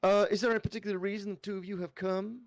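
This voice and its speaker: Dude doing a big strong lady baker, polite, gravelly voice, dry sound. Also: high voice, flat delivery, fast talker, no echo, voice pushed up. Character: huge muscular woman baker, proud and hardworking.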